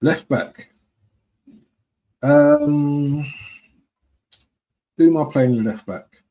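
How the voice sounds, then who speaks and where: A man's voice: a little high, wildly swooping pitch, drawn-out words, creaky, mellow, rough recording. A man from talking casually to his viewers on a live stream, repeating himself and often asking "yeah?". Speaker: football fan streamer.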